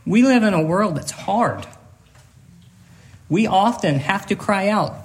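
A man preaching a sermon, earnest and emotional, often on the edge of tears, halting and repeating words as he goes. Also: high-pitched, animated. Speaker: pastor.

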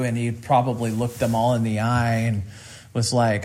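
A man's voice: medium pitch, steady tone, moderate pace. A man from rural Kansas preaching a sermon as pastor, earnest and repeating phrases for emphasis.

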